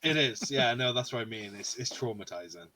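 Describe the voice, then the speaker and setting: A man's voice: medium pitch, a little fast, a crowd in the background. A man from the UK co-hosting a casual podcast, swearing freely, laughing and often slipping into comic put-on voices. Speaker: podcast co-host.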